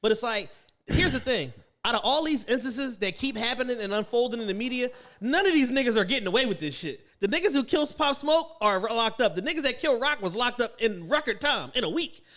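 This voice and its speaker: A man's voice: very high voice, lively intonation, fairly quick, a bit bright. A man co-hosting a podcast, talking bluntly and emphatically with heavy swearing. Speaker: podcast co-host. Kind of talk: casual chat.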